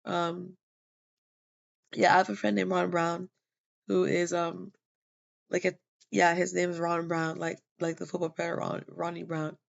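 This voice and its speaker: Tired woman, heavy vocal fry, rambling personal story, lots of fillers, dull lo-fi recording. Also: lowish voice, level tone, unhurried, pauses often. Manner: rambling, many fillers and restarts. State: tired, yawning. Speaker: vlogger sharing a personal testimony.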